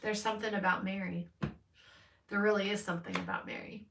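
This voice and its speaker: A woman's voice: mid-range voice, fairly even intonation, fairly quick, noisy background. A woman doing a live-streamed tarot card reading, chatting in a rambling, candid way, swearing freely and laughing often. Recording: roomy sound from a mic at a distance.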